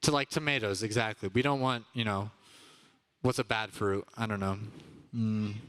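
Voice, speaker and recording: In a church kids' room with a live audience, a young male kids' ministry teacher delivers a youth sermon, keeping it upbeat and asking the children question after question. His voice sits on the low side, smooth and fairly bright, with fairly even intonation and a moderate pace.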